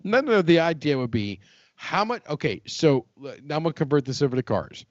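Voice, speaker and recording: A man's voice: on the high side, big pitch swings, a little fast, no echo. A man in casual podcast chat who rambles from point to point, jokes and swears freely. His voice is close and dry, with a dull, lo-fi sound. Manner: rambling, joking and profane. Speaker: podcast co-host.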